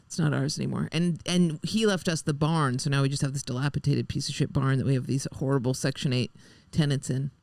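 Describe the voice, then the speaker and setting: A woman's voice: extremely low pitch, fairly even intonation, a little fast, creaky, few pauses, a little mellow, dry recording. A woman guest on a casual podcast, telling crude family stories bluntly and often breaking into laughter. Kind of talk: casual storytelling chat.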